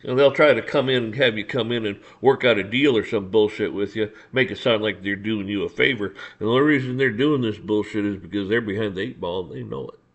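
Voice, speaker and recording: A man's voice: lowish voice, fairly quick, hardly any pauses, muffled recording. A man hosting a casual ranting monologue, blunt and profane, stammering through restarts and acting out his run-ins with officials. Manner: acts out dialogue with officials. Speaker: podcast host.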